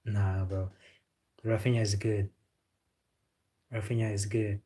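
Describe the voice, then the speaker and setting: Low, flat-voiced man from Senegal. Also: slow, husky. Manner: laid-back, joking, says "bro" often. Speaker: football live stream host. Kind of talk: casual live-stream chat, reading and answering viewer comments.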